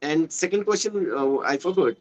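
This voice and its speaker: Speaking at normal speed with a fairly high pitch and lively intonation, this Hindi-speaking man from western Uttar Pradesh uses Indian-accented English in casual conversation practice. He explains patiently, repeating words while searching for the right phrasing, over a rough recording with some hiss or hum.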